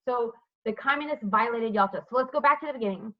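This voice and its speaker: A woman's voice: on the high side, fast talker, few pauses, dull audio. Woman teacher questioning her online class. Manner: asks students questions by name, says "right?" often. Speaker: history teacher. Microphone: computer mic on a video call.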